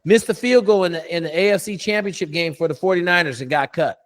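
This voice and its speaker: A man's voice: high-pitched, quick pace. A middle-aged man, a coach, telling a story in a casual interview, blunt and profane with lots of emphasis.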